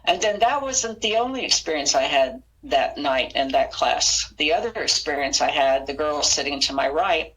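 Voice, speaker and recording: A woman's voice: deep voice, expressive, normal speed, few pauses, a bit bright, rough recording. A woman guest on a podcast interview, earnestly retelling her experiences and acting out the dialogue. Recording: audio interview.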